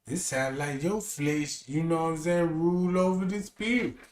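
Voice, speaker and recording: A man streaming casual commentary, animated and slangy, rambling as he reacts to what he reads. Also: fairly high pitch, normal speed, roomy sound.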